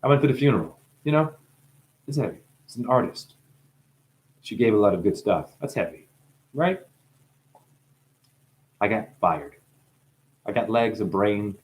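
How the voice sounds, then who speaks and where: Excitable New Jersey man ranting to camera. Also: fairly low pitch, unhurried, long pauses. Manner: excitable, swings from loud bursts to hushed musing, swears freely. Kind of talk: rambling spiritual monologue.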